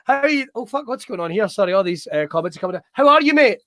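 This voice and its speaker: A man hosts a wrestling chat show in a high-pitched voice, excitable and quick to swear. His jokes tumble out on a dry, close recording with no room around him. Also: no room sound. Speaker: show host.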